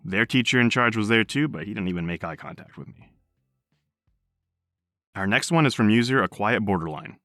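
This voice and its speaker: Male podcast host reading stories with a low, expressive voice and faint music behind. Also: moderate pace, long pauses, no room sound, studio quality. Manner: animated storytelling.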